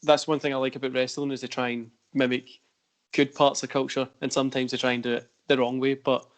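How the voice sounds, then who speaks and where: A man's voice: mid-range voice, little pitch movement, fairly quick. A man hosting a casual podcast, talking in rambling sentences full of fillers. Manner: rambling, heavy use of fillers. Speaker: podcast host. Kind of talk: casual chat.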